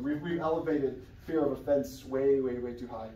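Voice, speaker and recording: A young adult man, a guest preacher, giving a casual, conversational sermon with sudden loud outbursts. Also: mid-range voice, steady tone, moderate pace, hardly any pauses, a little hiss or hum. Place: church sanctuary. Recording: echoey church room, somewhat far from the mic.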